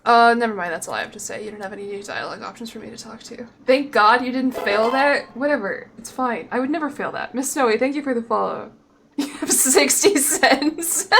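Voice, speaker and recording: A woman's voice: fairly high pitch, vocal fry, a bit bright, a little hiss or hum. Playful young woman streamer. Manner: chatty, playful, impulsive, often laughing. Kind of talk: casual gameplay commentary.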